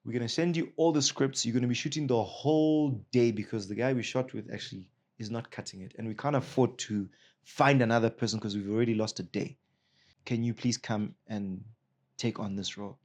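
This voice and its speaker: A man from Zimbabwe, an actor, telling stories from his career in a casual interview, lively and often laughing. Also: mid-range voice, a little fast. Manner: animated, bursts into a put-on Nigerian accent and laughter. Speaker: actor guest.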